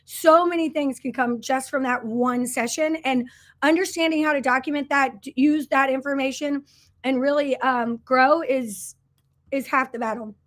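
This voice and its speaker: A woman in her thirties pitches her coaching program on a casual livestream. Her voice sits high, and she talks in an earnest, chatty way, full of fillers and restarts. She breaks off to greet viewers and answer their comments. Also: fairly even intonation, moderate pace, fairly bright tone. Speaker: business coach hosting a livestream.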